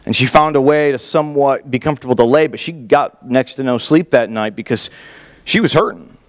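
A man in his thirties preaching a sermon as a pastor, an animated, self-mocking storyteller. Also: medium pitch, fairly quick. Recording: long reverb of a large hall.

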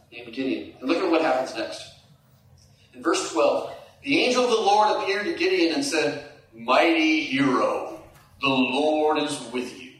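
A middle-aged man preaching a sermon, animated, climbing to high emphatic peaks and dropping to hushed asides. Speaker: pastor. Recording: echoey hall, distant mic.

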